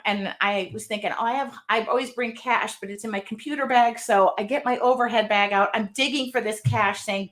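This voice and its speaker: A woman's voice: mid-range voice, moderate pace, a bit bright. A woman in her fifties hosting a casual chat, telling a rambling, heartfelt story. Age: 50s. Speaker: host.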